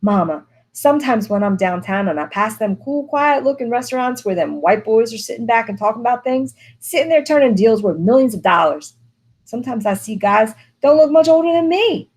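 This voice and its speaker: A woman's voice: a little high, lively intonation, a little fast, a little mellow, slightly rough, pitched above the performer's own voice. A woman reading the part of a restless, frustrated young husband, in agitated, impatient outbursts.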